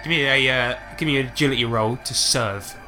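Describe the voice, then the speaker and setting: A man narrating a tabletop game as game master, playful and excitable. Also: mid-range voice, fairly quick, over music.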